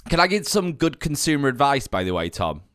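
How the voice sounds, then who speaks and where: A man's voice: medium pitch, big pitch swings, fairly quick, a bit bright, no room sound, clean studio sound. A man co-hosting a golf podcast, chatting in easygoing banter. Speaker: podcast co-host. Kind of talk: casual chat.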